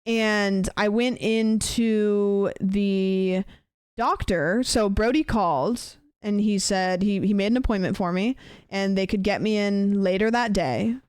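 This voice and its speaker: A woman's voice: medium pitch, slow pace, a little mellow, clear, resonant tone, no room sound, studio quality. An American woman streamer chatting casually, telling a long story with lots of fillers and restarts. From United States. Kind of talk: casual livestream chat.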